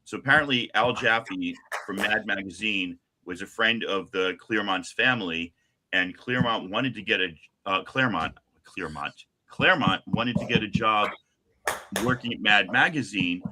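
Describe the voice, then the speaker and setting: A man in his fifties from Long Island, hosting a live stream and telling stories in a chatty, animated way. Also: lowish voice, normal speed, background noise. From Long Island, New York. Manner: chatty, animated, acts out what people said. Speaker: comic shop live stream host. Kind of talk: casual storytelling chat.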